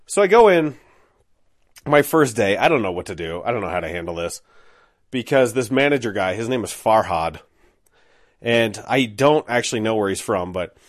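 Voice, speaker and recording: A man's voice: fairly low pitch, no room sound. Brief: casual male storyteller, self-deprecating, filler-heavy, dead dry recording.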